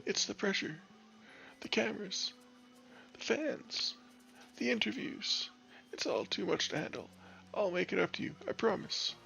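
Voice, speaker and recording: A frantic male racer , put on by a man reading game text, jumps way up into a high, strained register as he grovels. The pitch swings wildly and a gravelly rasp stays underneath. He stammers through apology after apology. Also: expressive, a little slow, long pauses, sharp tone, full character voice, low-quality recording. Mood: pleading. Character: panicky pleading young male racer.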